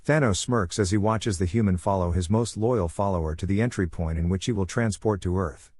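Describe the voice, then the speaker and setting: Guy reading fanfic aloud, lowish voice, dry dead audio. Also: brisk, few pauses, darkish tone, breathy edge, dry recording. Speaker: fan fiction narrator. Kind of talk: scripted narration.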